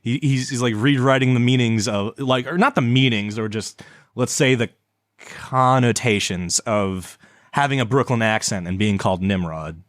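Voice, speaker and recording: A young man chatting loosely as a podcast co-host, tripping over his words and restarting sentences. He swears freely as he rambles along. His voice sits at a middling pitch, recorded dry and close with no room sound. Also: moderate pace, no room sound. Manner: rambling, stammering, swears often. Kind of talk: casual chat.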